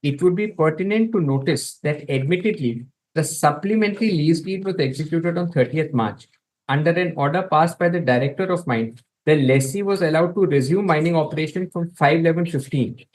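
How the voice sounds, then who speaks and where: Male advocate, formal courtroom pleading, deferential yet emphatic, slightly high voice. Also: brisk, low-quality recording. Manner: deferential, repeatedly saying my lord; emphatic, reads passages from documents.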